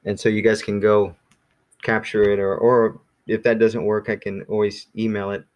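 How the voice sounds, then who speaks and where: Low-voiced male teacher, casual and rambling, video-call class. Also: normal speed. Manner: relaxed, rambling, many fillers. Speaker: Greek teacher.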